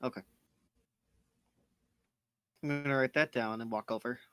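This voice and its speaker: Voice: mid-range voice, unhurried, a bit bright, smooth, dry recording. Casual hesitant game player, dry close sound. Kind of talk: tabletop game play.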